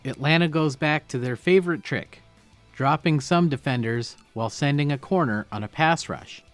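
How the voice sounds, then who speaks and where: A man's voice: fairly high pitch, normal speed, faint music behind. A man breaking down football game film, explaining each play and stressing key words.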